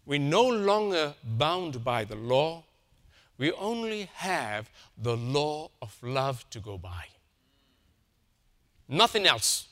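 A man preaching a sermon, dropping to quiet, slow emphasis and then rising to loud insistence. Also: a little high, very animated. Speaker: pastor.

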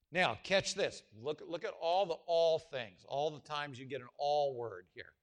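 A man preaching a sermon, swinging between hushed, low passages and loud, emphatic call-and-response questions to the congregation. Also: moderate pace, hardly any pauses. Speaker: pastor.

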